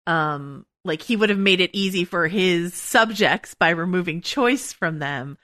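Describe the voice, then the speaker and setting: Podcast host, woman, lower register, bright tone, rambling and self-correcting, dry studio sound. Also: lively intonation, a little slow, no room sound. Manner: rambling, thinking aloud with many restarts. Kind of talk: casual chat.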